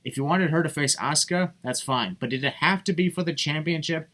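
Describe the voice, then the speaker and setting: A man's voice: on the high side, fairly quick, pushed and bright. A man giving sarcastic voice-over commentary, blunt and mocking, swearing freely. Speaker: video commentator.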